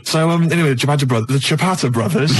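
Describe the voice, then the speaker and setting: A man's voice: on the high side, very animated, very noisy. An Englishman telling a long, rambling anecdote as co-host of a radio chat show. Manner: rambling storyteller, fast.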